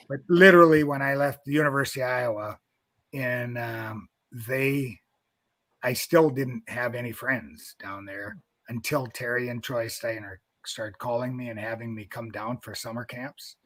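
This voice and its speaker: A man's voice: mid-range voice, measured pace, fairly bright tone, no echo. A man in his fifties from North Dakota, a wrestling coach being interviewed, telling a long story in a rambling way with many restarts.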